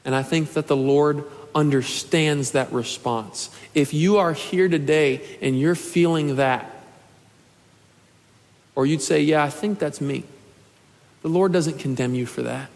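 A man in his twenties preaching a sermon to his church, earnest and pleading, at times rising to a shout. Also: fairly high pitch, a little slow, gravelly. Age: 20s. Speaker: pastor. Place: church sanctuary. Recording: long hall reverb.

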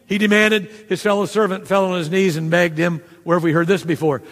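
A man with a high, gravelly voice preaches a sermon in a chatty way, dropping asides to his listeners. His voice rings with a long reverb, as if in a church sanctuary. He acts out quoted lines as he goes. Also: expressive, brisk, hardly any pauses, a bit bright. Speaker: pastor.

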